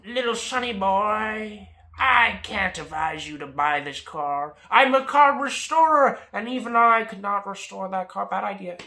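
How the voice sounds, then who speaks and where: A man voicing a gruff older male car restorer who talks slow and loud in warning. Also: high-pitched, pitched above the performer's own voice, heavily acted.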